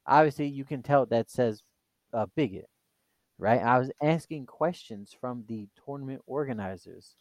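A man with a mid-pitched voice talks on a casual podcast, recorded close and dry. He repeats his points with emphasis and swears freely. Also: animated, moderate pace, darkish tone, no echo. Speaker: podcast co-host.

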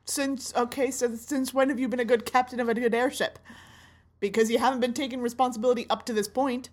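A woman's voice: fairly high pitch, fairly even intonation, brisk, darkish tone. A woman co-hosting in character with sarcastic, complaining comedic banter. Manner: wears glasses. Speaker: co-host.

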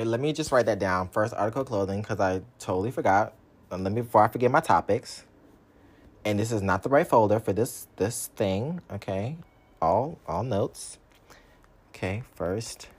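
Recounting his own story, a young man keeps it casual and sassy, cursing freely. One moment he's bursting out loudly, the next he's muttering low.

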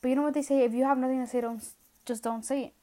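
A woman's voice: high-pitched, fairly even intonation, rapid-fire, warm tone. Rambling young woman podcasting from home. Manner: rambling, self-mocking, drifts into trailing asides. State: a bit out of breath. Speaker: podcast host. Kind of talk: casual solo rant. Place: at home, indoors.

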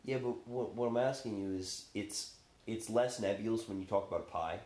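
A man's voice: fairly low pitch, normal speed, darkish tone. A man co-hosting a podcast, asking picky, probing questions in casual chat. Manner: questioning, picky about definitions. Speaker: podcast co-host. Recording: echoey room.

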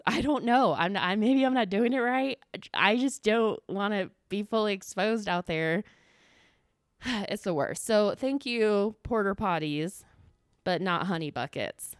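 A woman hosting a casual solo podcast, ranting in an animated, exasperated way with lots of filler words. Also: lowish voice, smooth, dry recording, clean studio sound. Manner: animated, exasperated, lots of "like", swings loud and soft. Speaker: podcast host.

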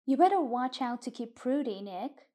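A woman's voice: sits high, animated, moderate pace, mellow. A woman voicing Joe, an easygoing farmer father who teases the boys, in an audiobook reading. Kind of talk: audiobook reading of a short story.

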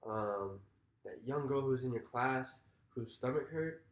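A man's voice: mid-range voice, unhurried. Chatty man in an echoey room. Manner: interjecting, laughs along. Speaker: podcast co-host. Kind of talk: casual conversational chat.

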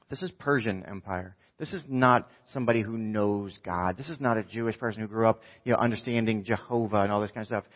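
A man preaching a sermon, retelling a story with lively, acted-out voices. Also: on the low side, highs cut off. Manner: animated storytelling, acting out voices. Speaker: pastor.

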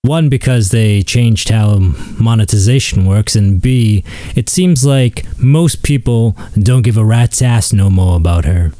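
A man's voice: fairly low pitch, measured pace, dark tone, dry recording. Crude, rambling male podcast host. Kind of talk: comedic monologue.

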